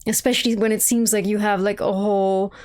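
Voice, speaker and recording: A woman's voice: mid-range voice, level tone, a little fast, a little mellow. A young woman giving casual, profane commentary while playing a video game, rambling and incredulous. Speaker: game streamer.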